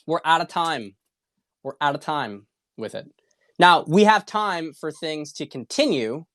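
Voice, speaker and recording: A man's voice: fairly high pitch, a bit bright, no echo, studio quality. A man hosting a political talk stream, ranting in a rambling, repetitive and profane way with a lot of heat. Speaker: political commentary host. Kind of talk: casual livestream monologue.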